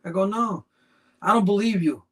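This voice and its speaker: A man with a high, slightly rough voice talks at normal speed as a podcast guest. He breeds snakes and tells long, rambling stories in casual conversation, filling them with "you know."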